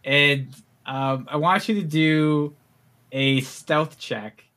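A man narrates a tabletop role-playing session as game master, his voice a touch high and strikingly bright. He talks in a relaxed, halting way, stopping for fillers as he describes the scene.

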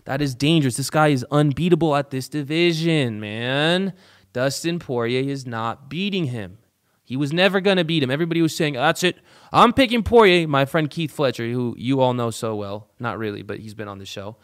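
A male show host gives casual sports commentary in his own voice. He is animated and profane, jumping from loud outbursts to quiet, muttered asides. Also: medium pitch, fairly quick, clear, resonant tone.

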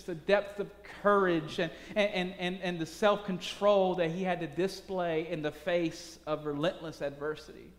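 A male preacher telling a story in his sermon, often restarting his phrases and swinging between quiet and loud delivery. His voice sits slightly high and rings through a large church hall with a long reverb.

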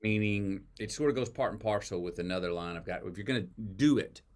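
An author being interviewed as a guest speaks a little fast in a lowish voice, keeping things casual. He has a folksy storyteller's manner and acts out the lines he quotes.

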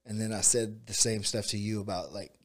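A man who coaches jiu-jitsu and MMA, talking in a relaxed, rambling way and often saying "dude" and "like". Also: fairly low pitch, fairly quick. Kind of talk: casual conversation.

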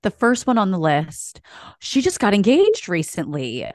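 A woman co-hosting a casual chat over a video call, gushing and bubbly and quick to laugh. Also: medium pitch, wildly swooping pitch, a little mellow, no echo, clean studio sound. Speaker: co-host.

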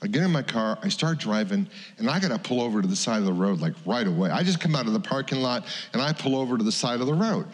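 A middle-aged man preaching in a church, telling a personal story in a conversational, animated way. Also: medium pitch, fast talker, few pauses. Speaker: pastor. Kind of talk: sermon storytelling. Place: church sanctuary. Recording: church hall reverb.

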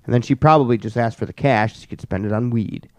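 A man's voice: medium pitch, quick pace, no echo. Laid-back swearing male storyteller. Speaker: podcast host. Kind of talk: casual chat, storytelling.

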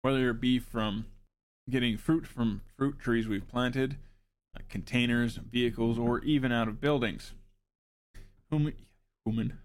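A man's voice: medium pitch, steady tone, measured pace. A man hosting a show, reading informational notes aloud and breaking off for joking asides. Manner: wry, joking asides between read facts. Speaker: show host.

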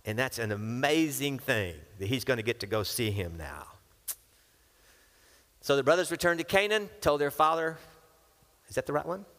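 A man's voice: medium pitch, very animated, moderate pace, pauses often, fairly bright tone. A man preaching a sermon, reading scripture and breaking into casual asides where he acts out the characters. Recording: long hall reverb.

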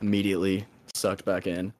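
A man's voice: sits low, level tone, brisk, a little mellow, no echo, studio quality. A young man hosting a podcast in casual chat, rambling loosely, laughing often and swearing freely. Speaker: podcast host.

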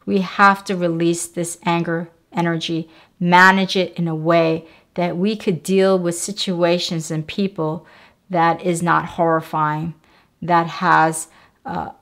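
A woman talking to camera as a wellness vlogger, giving calm, repetitive, step-by-step self-help coaching. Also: lowish voice. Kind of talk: instructional self-help talk.

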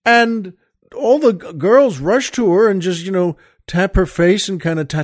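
An older man hosting a podcast tells a joke in a rambling, chuckling way, packed with fillers, as casual storytelling chat. His voice is high at normal speed, recorded at studio quality with no echo.

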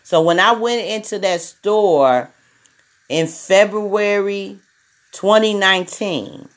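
A woman's voice: medium pitch, slow pace. A woman hosting a podcast in a casual monologue, blunt and profane, repeating herself. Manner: blunt and profane, with many repetitions. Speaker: podcast host.

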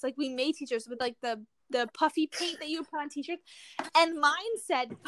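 A young adult woman co-hosting a casual chat with friends, telling stories in an animated way and laughing often. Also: high-pitched, no room sound. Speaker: co-host.

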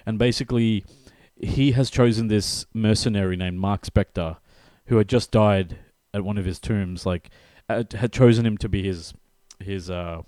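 A man's voice: lowish voice, a little mellow, no echo. A man in casual chat who laughs often and stammers, repeating words as he starts a thought.

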